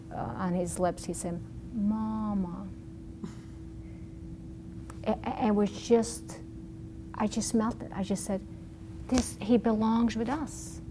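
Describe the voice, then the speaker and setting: A woman's voice: on the low side, background noise. A middle-aged woman with a Yugoslav accent, a doctor guesting on an interview show, telling a personal story and acting out the dialogue with many restarts. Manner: animated storyteller who acts out dialogue, frequent restarts.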